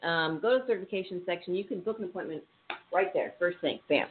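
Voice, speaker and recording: Casual radio host, middle pitch, rambling and easygoing, phone-like sound with faint hiss. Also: fast talker. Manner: chatty, rambling, laughs easily.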